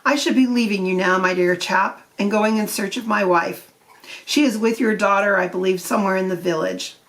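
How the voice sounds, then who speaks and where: A woman reading a gruff old bishop. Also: medium pitch, moderate pace, recorded from a distance, natural voice, rough recording. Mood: kindly. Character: elderly male bishop, gruff and sentimental.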